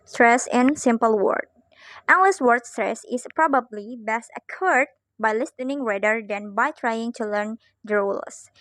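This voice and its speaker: A woman's voice: fairly high pitch, a bit bright, no echo. Young woman reading a phonetics lesson aloud. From Indonesia. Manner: careful, halting reading with small slips. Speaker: student presenter.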